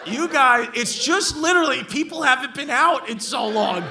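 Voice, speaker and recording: A man with a New York accent doing brash, profane stand-up crowd work, roasting hecklers and often shouting. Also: very high voice, lively intonation, normal speed, gravelly. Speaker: stand-up comedian. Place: comedy club stage with a laughing crowd. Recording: live club audio with crowd laughter.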